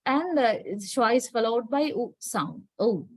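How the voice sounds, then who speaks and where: A woman from Sri Lanka teaching English pronunciation in an online class, slow and patient, checking in with a rising "right?". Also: a little high, lively intonation, a little mellow, no room sound, rough recording. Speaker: English lecturer.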